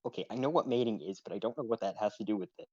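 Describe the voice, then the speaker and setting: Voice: medium pitch, rapid-fire, darkish tone, no echo, highs cut off, natural voice. A performer voicing a naive young man who lived underground, talking in an indignant, innocent way. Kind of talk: role-play stream.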